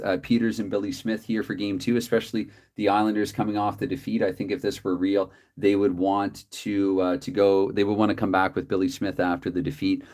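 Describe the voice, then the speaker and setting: A man's voice: on the low side, darkish tone. Chatty man calling a tabletop hockey game. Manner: chatty, self-correcting, apologetic asides. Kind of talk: play-by-play commentary of a dice hockey game.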